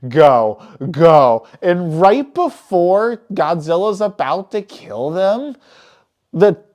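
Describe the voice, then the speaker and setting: A woman recapping a monster movie in a loose, excited way, often swearing and cutting herself off mid-sentence. Her pitch is medium but moves a lot. She sounds like a host talking straight to her viewers. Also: slow pace, dull audio. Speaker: movie reviewer. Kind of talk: casual spoiler movie recap.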